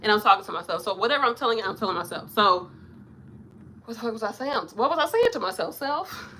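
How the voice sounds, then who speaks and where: A woman, a nurse talking casually to the camera, blunt and animated, swearing and laughing as she rambles. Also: fast, a little hiss or hum. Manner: blunt, animated, swears and laughs, acts out patients in higher voices. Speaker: nurse vlogger. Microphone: camera mic.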